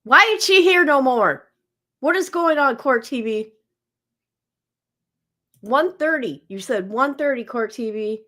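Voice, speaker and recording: Slow-talking woman chatting on a livestream. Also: high-pitched, animated, fairly bright tone. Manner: chatty, talks straight to viewers, repeats herself. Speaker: livestream host. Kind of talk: casual livestream chat.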